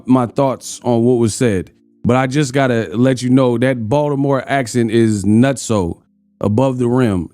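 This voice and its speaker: A man's voice: mid-range voice, darkish tone, no echo. A man hosting a casual boxing reaction show, joking and laughing in slangy banter. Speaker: boxing commentary host.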